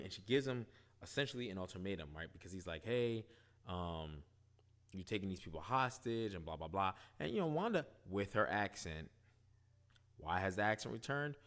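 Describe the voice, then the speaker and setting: A man casually recapping and reviewing a TV episode, animated, asking "right?" often. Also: low voice, normal speed. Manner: animated, retells scenes, quotes characters, frequent "right?". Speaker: show reviewer.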